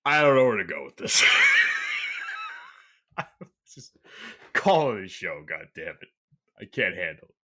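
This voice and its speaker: A man hosting a podcast, talking casually and crudely, with plenty of swearing and loud laughter. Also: mid-range voice, huge pitch swings, slow, long pauses, slightly rough. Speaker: podcast host. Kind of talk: casual chat.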